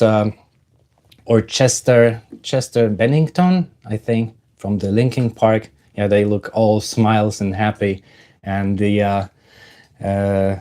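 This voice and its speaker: Slow, halting man hosting a livestream. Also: fairly low pitch, dark tone. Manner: halting, many fillers, greets chat viewers. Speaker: livestream host. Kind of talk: casual livestream chat.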